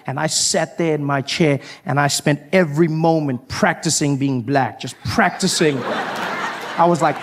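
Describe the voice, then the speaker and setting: A South African man performing stand-up comedy, animated and acting out voices, recorded live on stage. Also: a little high, a little hiss or hum. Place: live comedy venue with audience.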